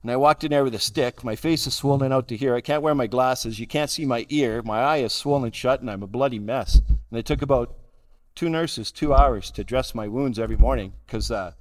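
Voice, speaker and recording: A man's voice: mid-range voice, fairly quick. A middle-aged man gives a humorous, self-deprecating personal talk as a guest speaker, chuckling at his own jokes. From Calgary, Canada. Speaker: guest speaker at a recovery roundup.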